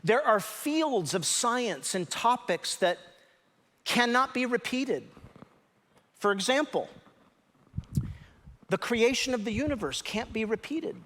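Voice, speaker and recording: Animated preacher in a reverberant hall. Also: male voice, very high-pitched, slow, long pauses. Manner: animated, emphatic preaching with sudden loud stresses. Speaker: pastor. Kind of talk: sermon. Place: church sanctuary.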